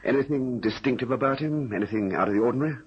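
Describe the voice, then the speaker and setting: An actor playing a calm, methodical police captain with a measured, dry manner in a vintage radio drama. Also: male voice, mid-range voice, slightly rough. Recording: dull lo-fi old radio recording.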